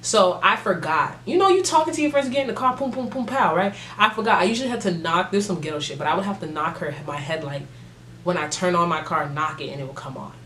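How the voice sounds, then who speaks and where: A woman's voice: on the low side, quick pace, a little hiss or hum. Young woman telling a profane story. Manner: animated, profane storytelling with slang. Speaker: vlogger. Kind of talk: casual story time. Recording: roomy echo.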